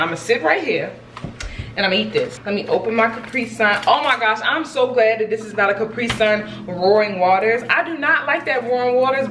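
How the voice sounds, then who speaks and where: A woman's voice: fairly high pitch, a bit bright, a little hiss or hum. A woman in her twenties chatting sassily to viewers in a casual food vlog. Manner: sassy, chatty, addresses viewers as y'all and boo. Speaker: vlogger.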